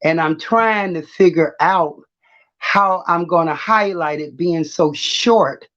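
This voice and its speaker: A woman's voice: lowish voice, slow, a bit bright. A middle-aged woman, hosting her own livestream in a brash, trash-talking style and laughing often. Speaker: livestream host. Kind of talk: casual livestream talk. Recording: muffled lo-fi audio.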